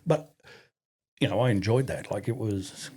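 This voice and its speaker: A podcast guest who served in the army, speaking with an Australian accent, tells laid-back stories at a moderate pace. His lowish voice is a little mellow and slightly rough, he swears freely, and he raises it when acting out others.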